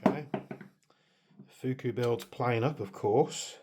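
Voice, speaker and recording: A man's voice: mid-range voice, takes it slowly. A man hosting a hands-on airsoft test, talking casually and muttering to himself as he works the gear. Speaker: airsoft channel host. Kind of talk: casual hands-on product testing. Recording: clear background noise.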